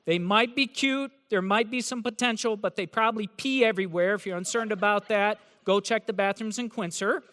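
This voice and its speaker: A man with a fairly high, resonant voice gives a joking talk to a room of new students. He teases them in a sarcastic way, and his words ring out with the long reverb of a big hall. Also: brisk, hardly any pauses, a bit bright. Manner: sarcastic, teasing, joking delivery. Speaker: university professor. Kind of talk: humorous address to new students. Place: large hall with an audience.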